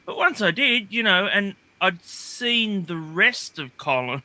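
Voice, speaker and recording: A man's voice: high voice, lively intonation, slow, pushed and bright, dry recording. A man on a livestream, chatting casually and rambling with many fillers and restarts. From Australia. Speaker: guest. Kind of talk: casual chat. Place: livestream call.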